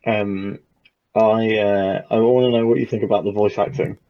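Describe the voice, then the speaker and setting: A man's voice: fairly low pitch, steady tone, normal speed. A man co-hosting a gaming podcast, talking casually and hesitantly with many fillers. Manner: hesitant, many ums and likes. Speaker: podcast co-host. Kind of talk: casual chat. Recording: dull lo-fi mic.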